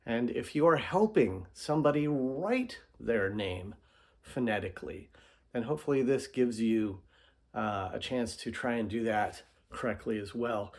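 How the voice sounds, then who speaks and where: A man teaching a pronunciation spelling method in a relaxed, explanatory way, with fillers and asides. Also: mid-range voice, unhurried. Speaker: instructor. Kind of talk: casual screen-recorded lesson.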